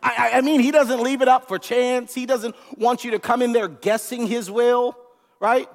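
High-voiced preacher in a reverberant hall. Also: male voice, moderate pace. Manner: animated preaching, repeats words, asks the congregation questions. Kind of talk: sermon.

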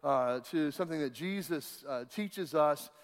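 A man's voice: a little high, unhurried. A male pastor preaching a sermon, telling a folksy story with many restarts before reading scripture to the congregation. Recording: long hall reverb.

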